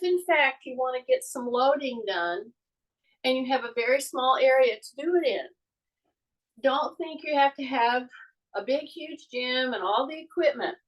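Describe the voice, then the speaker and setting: A woman fitness instructor with a high, bright voice talks viewers through a live-streamed workout. She speaks slowly and deliberately, chatty and measured, often stopping to clear a frog in her throat. She moves around a small indoor space, stepping toward and away from the camera mic. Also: far from the mic, poor audio. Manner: measured, chatty, talking directly to viewers while moving.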